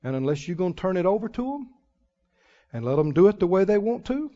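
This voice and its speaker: A man preaching a sermon as pastor, folksy and emphatic, with sudden loud swells and drawn-out words. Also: high voice, big pitch swings. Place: church sanctuary. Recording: muffled recording in a reverberant church hall.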